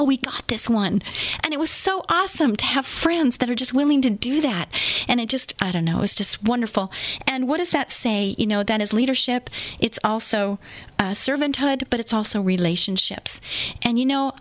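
A woman's voice: on the high side, dry recording. A woman hosting a faith-based radio show in a studio, telling stories in a chatty, enthusiastic way with lots of fillers. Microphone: studio microphone.

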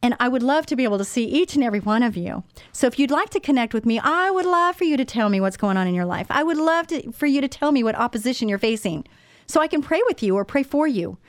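A woman's voice: on the high side, expressive, fast talker, no room sound. A woman in her sixties hosting a Christian radio talk show, speaking earnestly and personally to her listeners. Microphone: studio microphone.

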